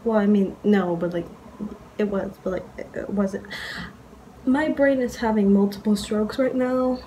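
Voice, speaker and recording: A woman's voice: medium pitch, steady tone, a little slow, mellow, lo-fi sound, slight background noise. A young woman making a casual reaction vlog, gushing, swearing and squealing as she reacts to music. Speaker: YouTuber reacting to music videos. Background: music playing.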